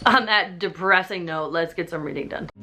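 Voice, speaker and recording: A woman's voice: lowish voice, moderate pace, music in the background. A woman in her twenties chatting casually in a home book vlog, filling her talk with "like". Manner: chatty, filler-heavy, says "like" constantly. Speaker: book vlogger.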